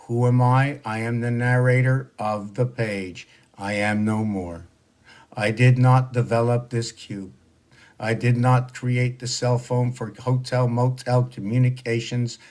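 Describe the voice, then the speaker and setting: A man's voice: medium pitch, level tone, measured pace, a little mellow. A man in his sixties giving a rambling, preachy spoken monologue full of rhetorical questions. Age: 60s. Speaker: social media monologuist.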